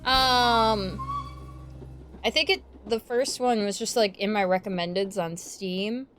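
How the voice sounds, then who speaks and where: A woman's voice: mid-range voice, slow pace, over music. A young woman streamer chatting casually while playing, voicing the characters playfully. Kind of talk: casual let's play chat and voicing game dialogue.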